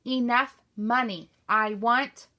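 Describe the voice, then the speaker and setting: A woman voicing a broken, stammering gentleman. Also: on the high side, moderate pace, lightly acted. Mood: desperate. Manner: strained, pleading, stammering. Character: distraught grieving gentleman, master of the house. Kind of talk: reading a novel aloud.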